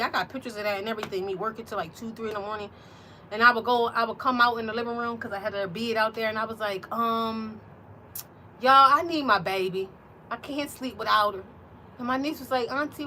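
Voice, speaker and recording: A chatty woman talks to her viewers in a bright, forceful, fairly high voice. She rambles warmly, full of fillers and restarts, with a faint hiss of noise behind her. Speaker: intuitive reader. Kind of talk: casual chat to viewers. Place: outdoors on a porch.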